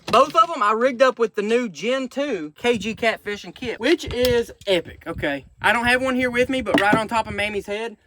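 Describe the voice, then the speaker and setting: Excitable high-voiced man outdoors. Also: moderate pace, hardly any pauses, background noise. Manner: excitable, gushing when surprised. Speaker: vlogger. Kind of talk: casual outdoor fishing vlog. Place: outdoors by a pond.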